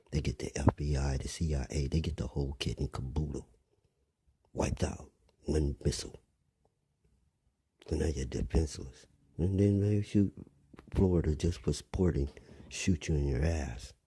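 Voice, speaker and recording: Very low, husky older man lecturing. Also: dark tone, no echo. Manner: blunt, rambling, often dropping to a rough whisper. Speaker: commentator. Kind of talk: preachy monologue.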